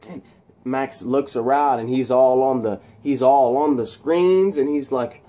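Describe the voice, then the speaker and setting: Man narrates a movie scene off the cuff, excitable, throws in sound effects, lots of fillers. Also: mid-range voice, a little slow. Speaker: channel host. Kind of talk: casual movie scene recap.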